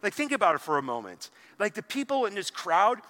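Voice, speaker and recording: Male pastor preaching casually, high-pitched, church hall echo. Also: big pitch swings, a little fast, sharp tone. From small town. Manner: conversational, frequent "like", acts out quotes with sudden emphasis. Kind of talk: sermon. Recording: long hall reverb.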